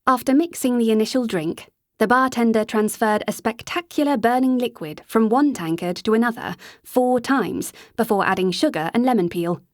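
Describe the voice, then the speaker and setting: A woman reading a novel aloud as an audiobook narrator, in an even storytelling manner on a close mic. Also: a little high, moderate pace, no room sound. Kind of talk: scripted narration.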